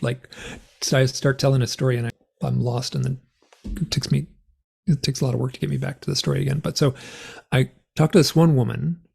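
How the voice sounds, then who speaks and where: A man telling his story in a rambling, animated way, full of fillers, as a guest on an interview show. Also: mid-range voice, vocal fry, husky. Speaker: guest author and experiencer. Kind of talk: conversational storytelling.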